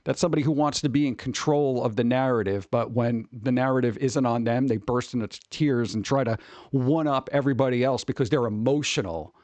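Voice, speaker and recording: A man ranting on a casual livestream about advice posts, swearing freely and mocking people in quick put-on voices, his tone exasperated and sarcastic. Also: mid-range voice, darkish tone, no room sound. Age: adult who worked at a record store. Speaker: streamer reacting to advice posts.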